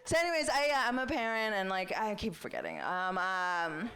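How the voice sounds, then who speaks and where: A woman's voice: mid-range voice, very animated, normal speed, sharp tone, smooth. A woman in her thirties performing a stand-up comedy set on a club stage, chatty and self-deprecating, with lots of "like" fillers.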